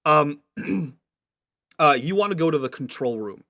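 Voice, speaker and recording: A man's voice: on the high side, animated, unhurried, pushed and bright. A man narrating a tabletop game as game master, describing scenes patiently and checking what the players mean.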